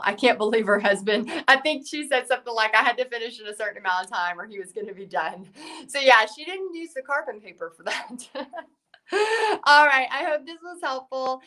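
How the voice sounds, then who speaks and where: A woman's voice: fairly high pitch, pushed and bright. A woman, hosting a live painting stream in a chatty way, reading viewer comments and losing her voice. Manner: chatty, reads out viewer comments, many fillers. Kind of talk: casual live-stream chat.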